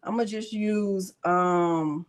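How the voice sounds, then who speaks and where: A woman's voice: mid-range voice, fairly even intonation, slow pace. Chatty woman hosting a live craft stream. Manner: chatty, narrates her clicks aloud and answers live chat; talks to herself under her breath at times. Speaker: craft channel host. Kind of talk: casual live crafting tutorial.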